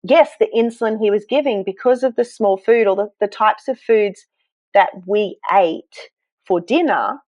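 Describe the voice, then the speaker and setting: A woman, a health coach, telling her story to a podcast host in an earnest, animated way, with self-deprecating asides. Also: mid-range voice, normal speed, no room sound. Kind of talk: conversational storytelling. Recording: dull, dry sound.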